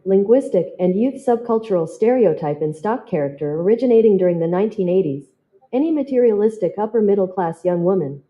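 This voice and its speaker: Synthetic woman reading over a tinny line. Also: mid-range voice. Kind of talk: reading an encyclopedia definition. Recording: tinny phone-like playback.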